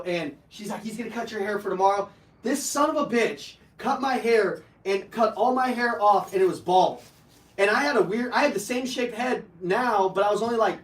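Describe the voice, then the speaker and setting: Loud joking sales trainer, echoey room. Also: male voice, high voice. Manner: loud, joking, profane and energetic. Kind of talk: live sales training talk to an audience. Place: training room with a live audience. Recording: echoey room, heard from a distance.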